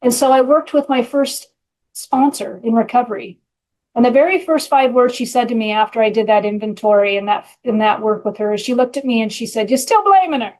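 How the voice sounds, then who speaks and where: A middle-aged woman with a fairly high voice tells her own story of recovery. She talks bluntly and frankly, with earthy language, in a candid, personal way. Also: a little fast, a little mellow, rough recording. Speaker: podcast host and recovery coach.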